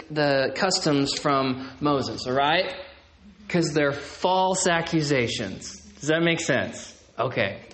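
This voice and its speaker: A man's voice: high-pitched, fairly bright tone, reverberant. A man teaching the Bible to a live audience in a conversational sermon, with jokey asides and a habit of checking in with his listeners. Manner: chatty, keeps checking in with listeners.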